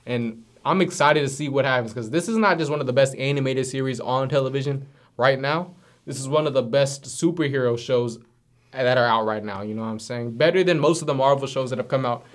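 A man's voice: medium pitch, fairly quick. Slangy man retelling cartoon plots. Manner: animated storyteller, heavy slang and fillers. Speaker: podcast co-host.

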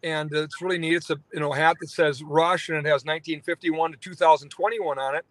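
In a phone-in interview, a man who hosts a radio talk show spins out a long, meandering tale, stumbling over fillers and starting over often. His voice is a little high and fairly even in intonation, his pace is quick, and there's no room sound.

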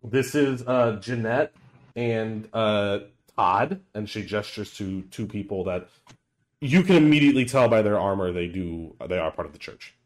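Young male game master, low and animated, casual hesitant narration. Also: normal speed. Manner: casual, hesitant with many fillers.

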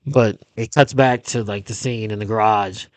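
A man's voice: on the low side, fairly even intonation, normal speed, no echo. A man hosting a podcast on his own, recapping a show in casual, rambling, profane talk. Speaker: podcast host.

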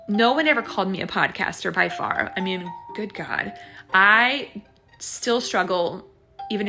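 A woman hosting her own podcast, talking casually and encouragingly about faith, with lots of fillers and restarts. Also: mid-range voice. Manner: chatty and reflective, with many fillers and restarts; faith-based encouraging talk. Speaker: podcast host. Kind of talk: casual solo podcast monologue.

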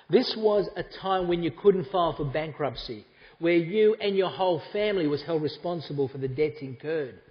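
A man's voice: a little high, in a large hall, dull audio. A man preaching a sermon to a congregation, talking conversationally and making asides to the people in front of him. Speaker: pastor. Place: church hall.

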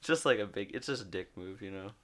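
A young man from Michigan hosting his own podcast, talking in a laid-back, halting, jokey way. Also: fairly low pitch. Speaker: podcast host. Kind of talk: casual podcast chat. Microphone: studio podcast mic.

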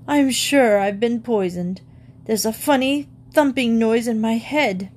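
A woman's voice: a little high, unhurried, darkish tone, pitched above the performer's own voice. A woman reading aloud and voicing a fussy middle-aged father who talks in bluff exclamations. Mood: alarmed.

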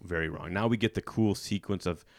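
Man recapping a film, deep-ish and dry. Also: a little fast, vocal fry, no room sound. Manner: animated storyteller, slips into character voices. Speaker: podcast host. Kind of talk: casual movie recap.

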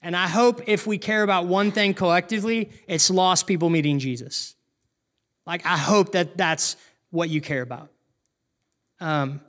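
A man preaching a sermon in an earnest way, asking rhetorical questions and slowing down to stress key points. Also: fairly high pitch, fairly bright tone. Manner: earnest, asks rhetorical questions, slows down for emphasis. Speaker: pastor.

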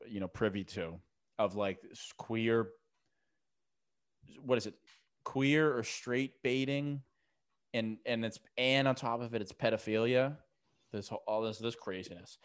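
A man co-hosting a podcast in casual, crude, rambling chat, sleepy and full of fillers. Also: lowish voice. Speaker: podcast co-host.

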